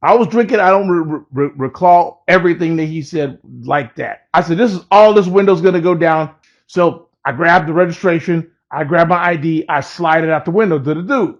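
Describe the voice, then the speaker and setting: Gravelly man telling a profane story. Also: fairly high pitch, moderate pace. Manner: profane, laid-back, laughs at his own story. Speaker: rapper telling a personal story. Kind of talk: casual storytelling. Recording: dull lo-fi recording.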